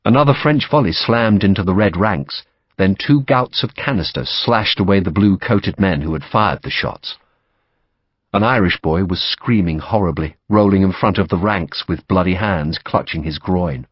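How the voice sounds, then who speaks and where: A man reading a novel aloud as audiobook narration, steady and dramatic. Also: low-pitched, moderate pace, husky, no echo, dull audio.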